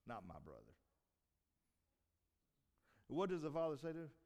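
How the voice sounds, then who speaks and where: A man preaching a sermon who repeats and restarts his phrases, rises to emphatic peaks, then trails off low. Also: sing-song, moderate pace, long pauses, darkish tone. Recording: long hall reverb.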